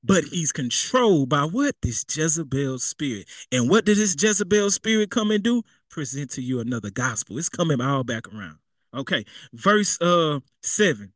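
A man's voice: a little high, sing-song, normal speed, fairly bright tone, dry recording. Conversational male preacher, dry sound. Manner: conversational and repetitive, with spoken asides. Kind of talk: sermon.

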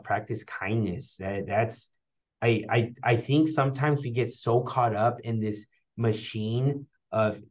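A man's voice: fairly low pitch, dull audio. A young man answering interview questions, earnest and giving advice, often repeating his phrases. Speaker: interview guest.

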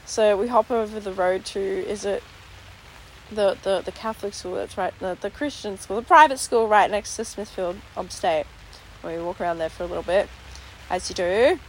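Young woman, Australian accent, sweary animated storytelling, casual chat, faint background noise. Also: mid-range voice, moderate pace, poor audio. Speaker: podcast co-host. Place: inside a tent.

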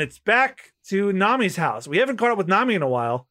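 A man's voice: high voice, brisk, hardly any pauses. A man co-hosting a casual podcast, reading comic scenes aloud and acting out the characters' lines. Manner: animated, acts out lines in character voices. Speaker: podcast co-host.

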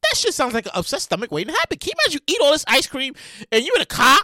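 A high-voiced woman riffs through the headlines of her comedy podcast, exasperated and animated. Her pitch leaps all over the place, and her tone is bright and cutting. The sound is close and dry. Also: very fast, no room sound. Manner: loud, exasperated and animated, with profanity and repeated phrases. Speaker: podcast host. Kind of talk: comedic news commentary.

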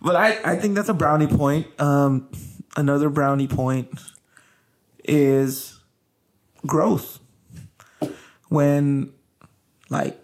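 A man hosting a podcast, chatting casually with his wife in an animated way, laughing and filling his talk with "like" and "you know". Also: a little high. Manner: animated, laughing, loaded with fillers. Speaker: podcast host.

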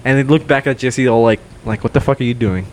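A young man co-hosting a podcast, telling a story in casual chat, swearing and loudly acting out what people said. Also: medium pitch, fast talker, a little hiss or hum. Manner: animated, swears a lot, acts out quotes loudly. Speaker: podcast co-host.

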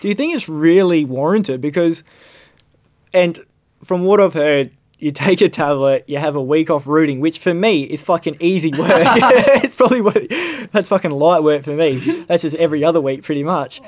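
A man's voice: fairly high pitch, moderate pace, darkish tone, no echo, clean studio sound. A young man with an Australian accent co-hosting a podcast, teasing his mate with laughs and plenty of swearing. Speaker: podcast co-host. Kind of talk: casual chat.

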